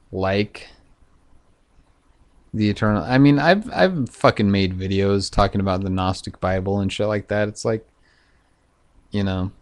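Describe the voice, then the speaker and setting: Slow, low-voiced man rambling casually. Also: darkish tone. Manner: profane, loose, slow and halting with many fillers. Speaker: vlogger.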